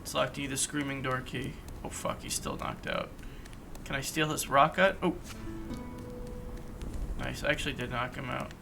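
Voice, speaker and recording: A man's voice: medium pitch, animated, moderate pace, creaky, pauses often, music in the background. Playful man reading game text aloud. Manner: playful, reads text aloud and stumbles over words. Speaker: let's play host.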